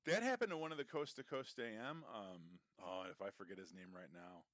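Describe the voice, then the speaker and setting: Deep-voiced man, profane and rambling. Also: fairly quick, fairly bright tone, dry recording. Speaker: podcast co-host. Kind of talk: casual podcast chat.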